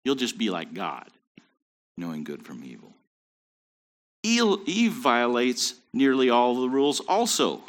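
A man's voice: medium pitch, very animated, measured pace, pauses often. A man teaching a Bible study in a conversational way, with joking asides.

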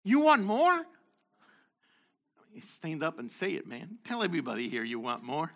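Older guy preaching, high voice swinging all over, asks the crowd questions and calls on folks. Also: wildly swooping pitch, moderate pace. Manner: questions the congregation, calls on people by name; shifts between loud exhortation and low asides. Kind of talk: interactive sermon.

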